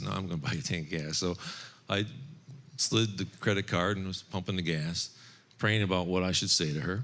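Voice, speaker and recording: Speaking to a men's Bible study group, a middle-aged man earnestly shares his personal testimony as a story. His deep voice has a slightly bright quality, and he voices other people's words himself, laughing now and then.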